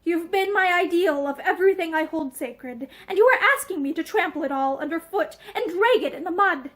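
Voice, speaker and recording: A woman reading aloud voices a gentle man who speaks slowly and earnestly, held back by feeling. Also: extremely high pitch, lively intonation. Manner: slow, labored, earnest. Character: plain-faced man, gentle and restrained.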